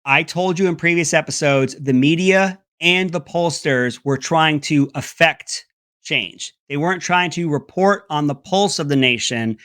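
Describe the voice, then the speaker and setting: A man's voice: a little slow, a bit bright, no echo, clean studio sound. A man hosting an opinionated political commentary segment, talking in a mocking, sarcastic way. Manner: mocking, breaks into high mimicking voices.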